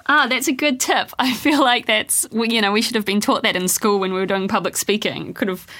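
A woman's voice: mid-range voice, steady tone, brisk, a bit bright. A woman hosting a radio interview, asking friendly, curious questions.

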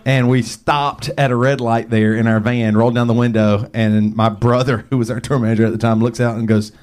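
A man's voice: medium pitch, little pitch movement, brisk, a little mellow. A man chatting on a podcast, joking and laughing as he talks. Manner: joking, laughs often while talking. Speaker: podcast co-host. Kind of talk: casual podcast chat.

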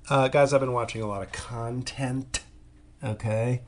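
A man's voice: medium pitch, fairly even intonation, a little slow. A man in his thirties hosting a podcast, telling a rambling, crude, self-mocking comic monologue. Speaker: podcast host. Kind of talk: casual comedic monologue.

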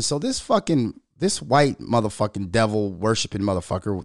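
A middle-aged man ranting in a loud, profane, storytelling way as a commentary vlogger. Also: mid-range voice, dry recording, studio quality. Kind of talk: unscripted profane rant.

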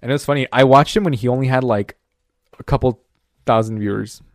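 Seorang pria muda yang mengobrol santai sebagai pembawa acara, sering bercanda dan tertawa. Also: male voice, medium pitch, dry recording, studio quality. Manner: joking, quick asides, laughs often. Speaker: podcast co-host. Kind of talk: casual chat.

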